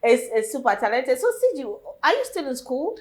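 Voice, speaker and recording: Woman, interview host, high voice, effusive and praising. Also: sing-song, brisk, crowd noise. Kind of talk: casual interview.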